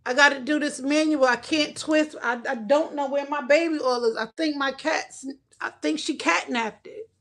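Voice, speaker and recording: A woman at home livestreaming and chatting casually with her viewers, loud and joking, cursing and talking back to the chat. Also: sits high, unhurried.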